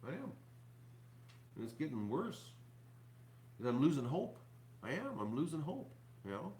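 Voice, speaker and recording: A man hosting his own channel, talking to viewers in a rambling, halting way full of fillers and restarts, sounding depressed and upset. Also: on the high side, sing-song, warm tone. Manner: halting, repeats words, many fillers. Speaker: YouTuber host. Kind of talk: rambling live-stream talk to viewers.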